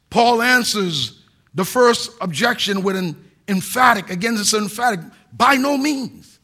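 A man's voice: sits high, lively intonation, a little slow, pushed and bright. A middle-aged man, a pastor, preaching a sermon in an earnest, emphatic way with a few restarts.

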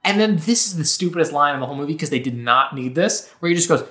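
A woman's voice: low-pitched, fast talker, hardly any pauses. Sarcastic woman recapping a movie, roomy sound. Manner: sarcastic, animated, acts out characters' lines. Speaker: podcast co-host. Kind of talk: casual chat recapping a movie. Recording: roomy echo.

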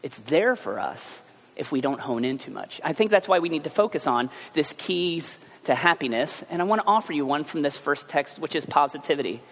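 A man preaching a sermon as pastor, telling everyday stories in a chatty, animated way. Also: fairly high pitch, fairly quick. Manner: conversational storytelling, animated asides. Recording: long hall reverb.

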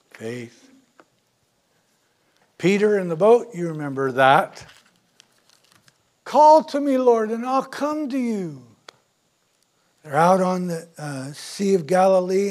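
Slow-talking preacher man, high voice. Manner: storytelling, dramatic swings in loudness. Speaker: pastor. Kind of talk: sermon.

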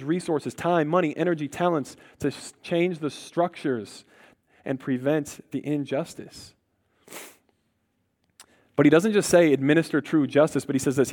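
A pastor delivers his sermon with earnest conviction, his voice a little higher than most men's. He sinks quietly on the words he wants to land and playfully nudges the congregation when they miss an easy answer.

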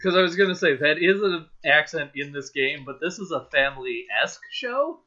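A man's voice: on the high side, animated, moderate pace, pushed and bright, dull audio. A man co-hosting a podcast, bantering dryly and reading book passages aloud. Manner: sardonic, mock-grumpy. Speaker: podcast co-host.

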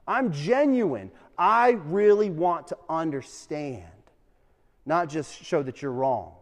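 A young adult man teaching a class, an animated storyteller who keeps asking the room questions. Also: high-pitched. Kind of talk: lively classroom talk with questions to students. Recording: long reverb in a hall.

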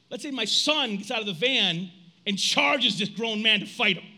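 A man in his forties preaches a sermon in a loose, conversational way, reading scripture aloud and now and then bursting out loudly. His voice sits very high for a man and rings bright and forceful. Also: a little fast. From United States. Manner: animated, conversational preaching with sudden loud outbursts. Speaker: pastor.

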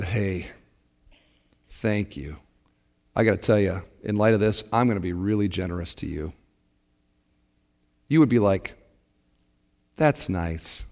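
A man preaching a sermon as pastor, swinging from lively emphasis down to soft, quiet asides and acting out quoted people. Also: on the high side, in a large hall.

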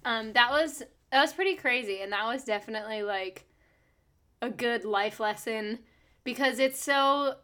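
A woman's voice: a little high, moderate pace, sharp tone. A young woman musician co-hosting a podcast in casual chat, talking with many fillers and restarts and laughing often.

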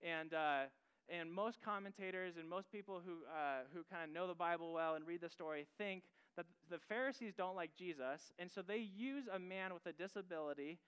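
Conversational male preacher, smooth clear voice. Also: high voice, normal speed, a bit bright, poor audio. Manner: conversational, asks the audience directly. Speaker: pastor. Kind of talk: sermon.

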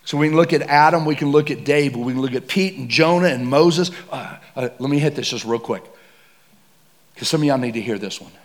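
A man preaching a casual, slangy sermon that builds to shouts. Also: a little high, fairly quick. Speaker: pastor.

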